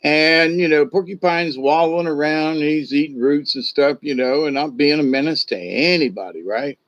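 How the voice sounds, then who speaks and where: A man's voice: fairly high pitch, normal speed, fairly bright tone, no echo. A man, a shaman, casually telling a folk tale, rambling with many "you know"s and restarts. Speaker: shaman storyteller. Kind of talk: casual spoken storytelling. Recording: dull lo-fi recording.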